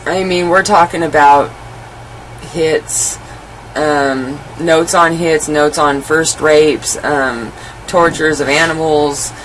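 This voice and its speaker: A woman's voice: sits low, fairly even intonation, slow pace, slight background noise, rough recording. A woman guest in an interview, telling her life story candidly and animatedly, with many "you know" fillers.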